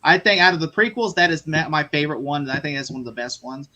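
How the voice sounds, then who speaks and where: A man's voice: fairly high pitch, animated, fast talker, sharp tone. A young man hosting a casual movie chat, telling rambling stories and laughing as he acts out what people said. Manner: rambling, laughing storyteller who acts out voices. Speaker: host.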